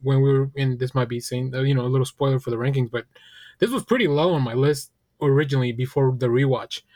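A man's voice: medium pitch, fast, a little mellow, dry recording, clean studio sound. A man co-hosting a podcast, talking loosely and rambling with plenty of fillers. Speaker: podcast co-host. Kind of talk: casual podcast chat.

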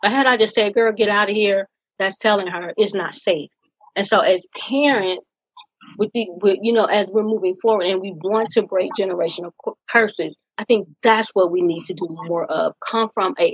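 A middle-aged woman speaking as a podcast guest, telling her own story in an earnest, deliberate way and leaning on key phrases. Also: mid-range voice, breathy edge, no echo, dull audio. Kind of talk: candid personal storytelling in conversation.

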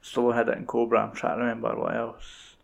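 A man's voice: mid-range voice, monotone, fast, creaky. A man with a Scottish accent in casual film chat, laid-back and rambling with lots of fillers.

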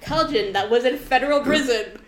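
A woman's voice: sits high, normal speed, a little hiss or hum. A young woman co-hosting a podcast, chatting casually and giggling while watching a film, with lots of fillers. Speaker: podcast co-host. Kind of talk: casual watch-along chat. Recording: roomy echo.

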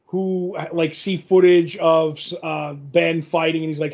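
A man's voice: fairly high pitch, fairly even intonation, unhurried, highs cut off. A man co-hosting a podcast, rambling casually through a comic recap with fillers and restarts. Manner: rambling, many fillers, restarts and acted quotes. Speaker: podcast co-host.

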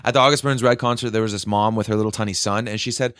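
A young man telling a concert story in casual chat, excitable and swearing, with loud quoted outbursts. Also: medium pitch, racing, few pauses, no room sound, studio quality.

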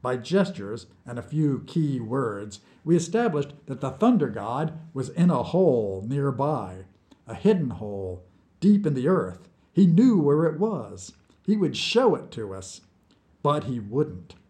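A man reading his own short story aloud as scripted narration, with slow, deliberate storytelling. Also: medium pitch, very animated, mellow.

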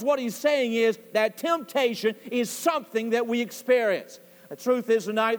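High-voiced preacher in a reverberant church. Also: male voice. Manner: emphatic, repeats key words for stress. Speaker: pastor. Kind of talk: sermon. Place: church sanctuary. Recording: church service recording with long hall reverb.

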